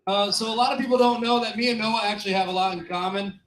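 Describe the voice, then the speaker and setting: A man of twenty-six starting a stand-up set in a small club, halting with many "uh"s. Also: sits high, fairly even intonation, fairly bright tone. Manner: halting, lots of "uh"s. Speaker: stand-up comic. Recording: roomy club echo.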